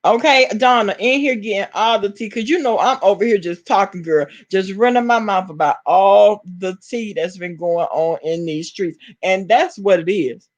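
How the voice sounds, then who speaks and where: A woman's voice: mid-range voice, normal speed, few pauses, lo-fi sound. Sassy Southern woman gossiping to chat. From Alabama. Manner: sassy, talks straight to chat, laughs often. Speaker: vlogger reading live chat. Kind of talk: casual live-stream gossip.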